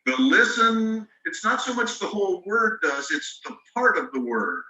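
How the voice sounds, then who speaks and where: Step by step, an ESL teacher patiently lays out spelling rules online, sounding out words one letter at a time. His high-pitched male voice swings widely in pitch at normal speed with few pauses, bright and forceful. A video call mic picks him up from a distance, and the sound is roomy.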